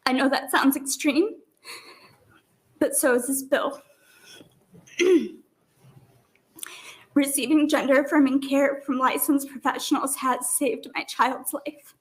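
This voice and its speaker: A woman's voice: high-pitched, steady tone, slow pace, pauses often. A mother giving emotional public testimony at a hearing, apologetic and fighting back tears. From Nebraska. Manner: tearful, apologetic, breaking up at times.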